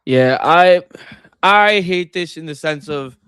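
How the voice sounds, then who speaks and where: A man co-hosting a casual sports chat, talking in an animated, exasperated way with big swings in pitch. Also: slow pace, smooth, dry recording. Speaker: co-host.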